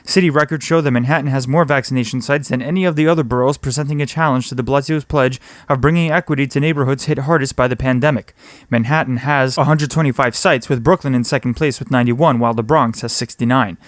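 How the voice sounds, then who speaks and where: A man reads the week's headlines at a rapid clip, keeping his delivery steady and even. The sound is close and dry, with no room around it. His pitch sits in the middle range. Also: no room sound. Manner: brisk, steady read. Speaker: news podcast host. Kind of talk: scripted news roundup.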